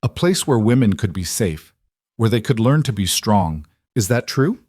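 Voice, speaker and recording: A man's voice: fairly low pitch, very animated, normal speed, a little mellow, dry recording, studio quality. A man reading the lines of a frightened, battered young woman in a storybook tale, speaking shakily. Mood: pleading. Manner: shaky, pleading.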